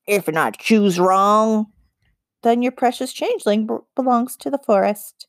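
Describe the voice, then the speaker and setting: A woman voicing a proud, cold female forest witch queen in an audiobook, speaking slowly and deliberately with mocking scorn. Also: a little high, no room sound, studio quality. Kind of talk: audiobook character reading.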